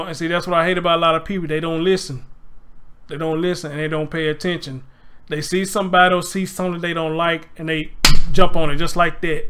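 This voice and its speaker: A man's voice: fairly high pitch, a bit bright, clean tone. A man hosting a casual livestream, telling a story with energy and reading viewer comments aloud. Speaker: host.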